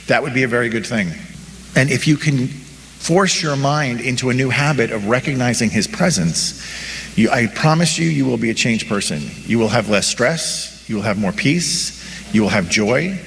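Priest preaching in a reverberant hall. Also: male voice, mid-range voice, animated, normal speed, gravelly, a bit bright, a little hiss or hum. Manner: storytelling, acts out imagined dialogues. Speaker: Catholic priest. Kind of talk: conversational sermon.

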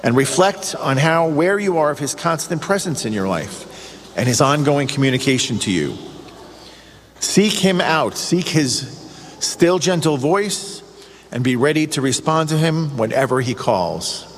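Man giving a sermon, bit higher voice, kinda earnest, reverb tail and faint hum behind him. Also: a little slow. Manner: earnest, rising with excitement, asks the listener questions. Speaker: priest or preacher on a radio show. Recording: long reverb, faint ambient noise.

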